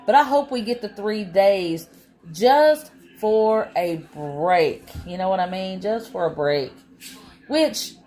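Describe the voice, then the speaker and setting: A woman's voice: medium pitch, a little mellow. A woman, chatting casually and rambling with her live-stream viewers from home, worn out after a long day. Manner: rambling, drawn-out, tired.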